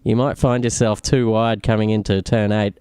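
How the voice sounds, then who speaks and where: A man's voice: lowish voice, flat delivery, normal speed, dark tone, smooth, no room sound, studio quality. A man, commentating a lap of a sim racing track and explaining each corner. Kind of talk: live race commentary.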